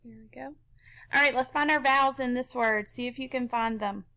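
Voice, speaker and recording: A woman teaching a children's phonics lesson, explaining slowly and patiently step by step. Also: high-pitched, pushed and bright, low-quality recording. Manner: slow, patient, step-by-step instruction.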